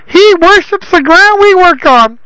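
A man's voice: extremely high pitch, lively intonation, measured pace, pushed and bright, dry recording, voice pushed up, heavily acted, rough recording. A man voicing a spoiled, childish grown son with a whiny, nasal voice. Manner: pleading, petulant whine.

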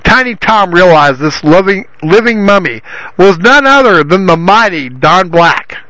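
Rambling high-voiced male host. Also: animated, measured pace, sharp tone, dry recording, low-quality recording. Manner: rambling, repeating himself. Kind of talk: casual talk and comic reading.

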